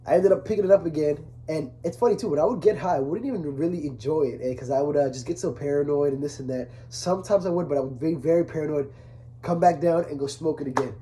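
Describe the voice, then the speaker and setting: A young man talking casually to camera, earnest and rambling, full of restarts, growing softer when he speaks of his father. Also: a little high, quick pace. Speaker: vlogger. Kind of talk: casual confessional talk to camera.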